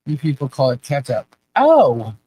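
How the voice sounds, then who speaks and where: A woman's voice: extremely low pitch, huge pitch swings, unhurried, warm tone, breathy edge, rough recording. A woman hosting a casual live chat, laughing often and asking puzzled questions as she reads viewer comments. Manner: laughs often, baffled questions, repeats herself.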